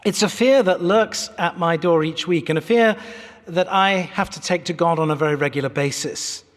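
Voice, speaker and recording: A man's voice: on the high side, moderate pace. A British man in his fifties preaching an earnest, articulate sermon from a church pulpit, with wry asides. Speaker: pastor. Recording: echoey church hall.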